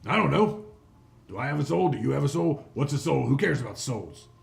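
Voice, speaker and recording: A man voicing a fat, greedy male hobgoblin boss who is loud, boastful and blustering, in a tabletop game. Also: mid-range voice, expressive, brisk, creaky, pitched above the performer's own voice. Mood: scheming. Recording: echoey room, some noise.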